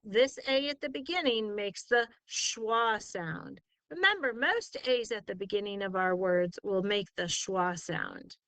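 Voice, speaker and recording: Slow, patient woman teaching spelling. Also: mid-range voice, fairly bright tone, no echo. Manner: encouraging, sounds words out syllable by syllable. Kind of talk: slow, patient tutoring lesson.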